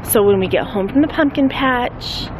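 A woman's voice: on the high side, normal speed, noisy background. A woman in her thirties, a family vlogger, chatting casually and upbeat to a handheld camera and laughing often. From United States.

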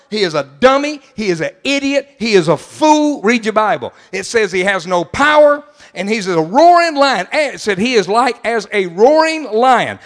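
A man's voice: sits high, a bit bright, long reverb tail. A middle-aged man, preaching a sermon as pastor in an emphatic, folksy way. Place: church sanctuary.

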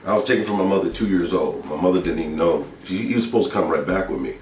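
Very fast and deep-voiced, a little mellow, a Georgia man earnestly tells his spiritual testimony as a casual story, looping back over his phrases. Slight background noise, faint music and echo come through, with the mic placed at a distance.

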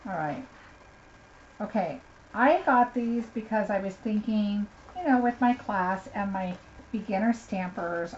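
A woman's voice: mid-range voice, a little mellow. A woman doing a chatty live unboxing, gushing over each craft item and talking to viewers by name. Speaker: craft demonstrator. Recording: slightly dull lo-fi sound, faint noise.

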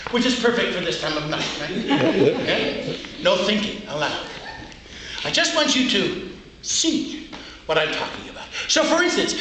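A man performing as a storyteller on stage before a live audience, playful and drawing the crowd in. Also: high-pitched. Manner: animated, playful, audience-involving. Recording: echoey hall with background noise.

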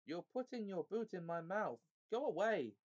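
A man's voice: high-pitched, very animated, unhurried, no room sound, dull audio, pitched above the performer's own voice. A man voicing a grumpy male dwarf who bellows crossly in a storybook reading.

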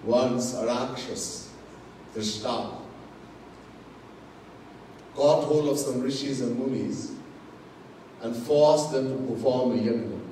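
A man with a Trinidadian accent gives a sermon as a swami. He teaches slowly and with emphasis, repeats key words and drops in Hindi and Sanskrit terms. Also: mid-range voice, warm tone, slight background noise. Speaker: swami giving a Gita discourse. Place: large temple hall. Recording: distant mic in an echoey hall.

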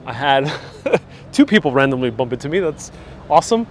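This travel streamer walks town streets chatting casually and cracking jokes as he reads viewer comments. He sounds very animated, with a medium pitch and normal speed, and soft music plays in the background. He's wearing a wireless clip-on mic.

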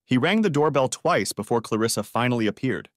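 A man narrating a story in the first person, with an animated, scripted delivery. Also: medium pitch, brisk, no room sound, studio quality.

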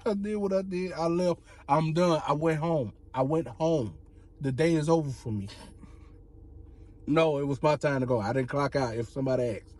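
A man telling a comic story on a couple's vlog, animated and laughing, slipping into slang and acting out other voices. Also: a little high, normal speed. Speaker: couple vlogger.

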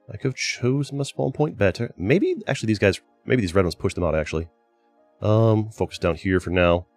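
A man hosting a gaming channel, giving casual gameplay commentary in a chatty way, with exasperated outbursts at his teammates. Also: low voice. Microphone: desk microphone.

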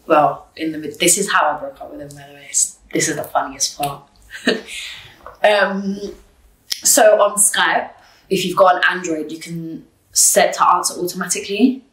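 Low-voiced woman, distant roomy mic. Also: moderate pace. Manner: blunt, swears freely, animated storyteller. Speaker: interviewee. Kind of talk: candid storytelling interview.

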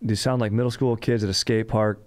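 A man's voice: fairly low pitch, steady tone, a little fast, no room sound. Laid-back skater-slang male podcast host. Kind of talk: comedic podcast chat.

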